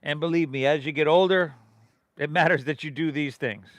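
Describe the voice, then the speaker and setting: A man's voice: a little high, a little fast, fairly bright tone, no echo. A middle-aged man from leading a live yoga class, giving rhythmic breath and pose cues with casual, encouraging asides. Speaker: yoga instructor.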